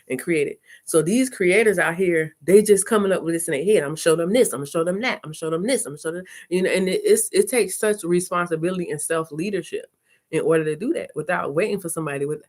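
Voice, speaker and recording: Chatty woman vlogger, lowish voice. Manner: chatty, animated storytelling with laughs. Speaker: content creator. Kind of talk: casual live-stream chat.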